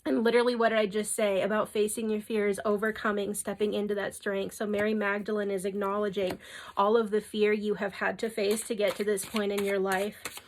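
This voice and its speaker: A woman's voice: medium pitch, little pitch movement, a little fast, slight background noise. A young adult woman giving a spiritual tarot reading, earnest and emotional, who often checks in with "okay?" and fills with "like". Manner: soft, earnest and emotional, with frequent "okay?" and "like" asides. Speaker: tarot reader.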